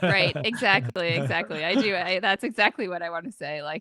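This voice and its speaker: A woman guest on a podcast interview, talking in a relaxed, chatty way. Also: on the low side, brisk. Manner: relaxed and chatty, many fillers and restarts. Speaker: podcast guest, positioning consultant. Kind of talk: casual interview chat.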